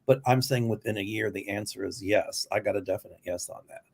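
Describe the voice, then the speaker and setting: A man's voice: fairly low pitch, a little fast, creaky, breathy edge. A man hosting a live psychic stream, reading viewers' questions aloud and answering them plainly. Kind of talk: casual live-stream chat.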